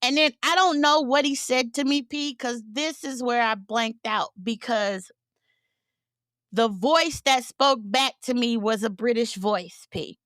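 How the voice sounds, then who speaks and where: A woman co-hosting a podcast, telling a story in casual chat, animated and laughing as she acts out what people said. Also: a little high, measured pace, no room sound, clean studio sound. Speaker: podcast co-host.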